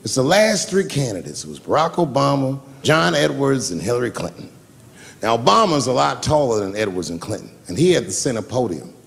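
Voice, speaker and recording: A man's voice: mid-range voice, very animated, fairly quick, vocal fry. A man doing stand-up comedy, telling a long story loosely and profanely and acting out the people in it. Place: live comedy stage.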